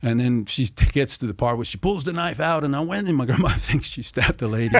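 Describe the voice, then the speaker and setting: A middle-aged man telling stories as a podcast guest, animated and swearing freely as he acts out what people said. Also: mid-range voice, brisk, hardly any pauses, no echo. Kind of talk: casual storytelling.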